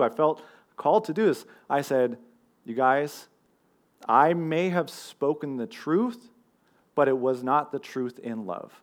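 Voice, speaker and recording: A young man preaches in a relaxed, chatty way, telling stories about himself with plenty of fillers. His voice sits at an ordinary middle pitch. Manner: conversational, self-deprecating storytelling with fillers. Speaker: college group teacher and preacher. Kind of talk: casual sermon.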